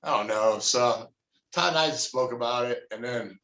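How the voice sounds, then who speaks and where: A man looking back on his wrestling days with an easygoing shrug in his voice. He speaks at a mid pitch, and his voice rings around an echoey room. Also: moderate pace, sharp tone, dull audio. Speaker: guest, former pro wrestler. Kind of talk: casual storytelling interview.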